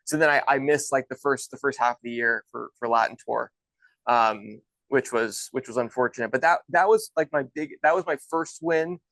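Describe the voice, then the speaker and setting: A man's voice: mid-range voice, normal speed, creaky, fairly bright tone, dry recording, rough recording. A man in his thirties, a golf instructor and former pro, telling stories in a loose, chatty way with many restarts. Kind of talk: casual storytelling.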